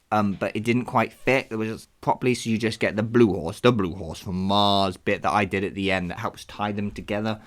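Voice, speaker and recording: A man hosting a podcast, talking casually about past episodes in an animated, self-deprecating way and laughing at himself. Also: on the low side, a little fast, hardly any pauses. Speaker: podcast host. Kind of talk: casual retrospective chat.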